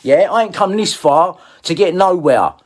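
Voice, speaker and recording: Middle-aged man, confrontational rant, heavy swearing, higher-pitched voice. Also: animated, moderate pace. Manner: confrontational, swearing, repeating himself. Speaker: video blogger. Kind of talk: angry ranting monologue.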